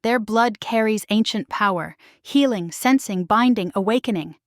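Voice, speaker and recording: A woman reading a romance audiobook voices a powerful male werewolf alpha, speaking quietly and firmly. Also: moderate pace, no room sound, clean studio sound, close to an everyday voice. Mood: tender. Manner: low, quiet, firm delivery. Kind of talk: scripted story narration.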